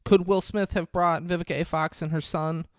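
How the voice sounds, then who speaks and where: Animated man recapping a movie, dry sound. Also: fairly high pitch, moderate pace, no room sound. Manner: animated retelling with quoted voices, swearing. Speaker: podcast co-host. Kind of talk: casual movie recap chat.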